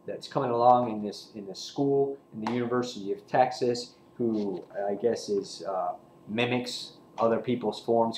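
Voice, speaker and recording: A man casually reviewing a comic book, excited and rambling, with lots of fillers and restarts. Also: fairly low pitch, reverberant, slight background noise, low-quality recording.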